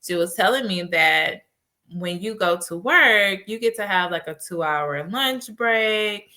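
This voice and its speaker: A woman hosting a podcast, talking casually and telling stories in an animated way. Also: medium pitch, measured pace. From United States. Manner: animated storytelling with laughs. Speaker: podcast host and life coach. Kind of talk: casual solo podcast talk.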